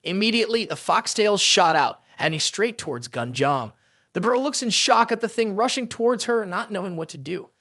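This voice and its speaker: A man with a high, bright voice narrates a fantasy recap, his pitch swinging freely from line to line. The sound is close and dry, with no room around it. He keeps a brisk, storytelling drive. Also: animated, no room sound.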